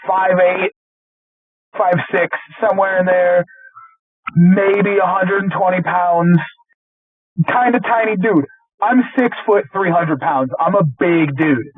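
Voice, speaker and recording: A man's voice: high voice, breathy edge. A man co-hosting a podcast, telling a heated, profane work story, stammering and restarting as he goes. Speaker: podcast co-host. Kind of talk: casual storytelling chat. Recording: tinny lo-fi phone-like sound.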